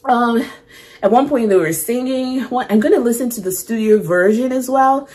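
A woman's voice: on the high side, moderate pace, darkish tone. Playful woman hosting a music reaction. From Canada. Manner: playful, reads lyrics aloud and laughs. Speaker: music reaction channel host. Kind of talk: casual music reaction chat.

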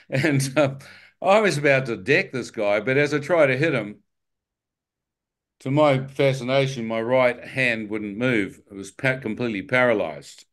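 A man telling his own story with lively, self-mocking humour, breaking into chuckles as he goes. His voice sits at an ordinary middle pitch. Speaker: testimony speaker. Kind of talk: personal testimony storytelling.

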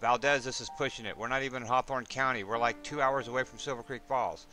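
A man's voice: medium pitch, steady tone, quick pace, bright, forceful tone, faint music behind, lightly acted. A man reading as a teasing woman FBI agent.

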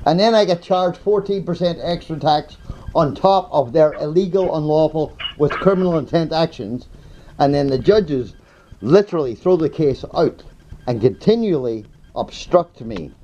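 A man's voice: a little high, expressive, normal speed, mellow, dull audio, a little hiss or hum. A man angrily confronting his advocate, swearing and hammering the same accusing questions. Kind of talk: heated confrontation.

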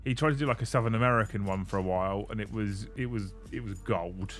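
A man's voice: on the low side, quick pace, fairly bright tone. A man hosting a casual livestream, chatting and thanking viewers while building models. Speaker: livestream host. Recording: faint music behind.

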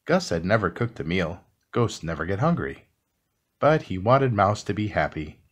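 Low-voiced man reading a bedtime story. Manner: slow, soothing, expressive reading. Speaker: storybook reader. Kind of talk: calm bedtime read-aloud.

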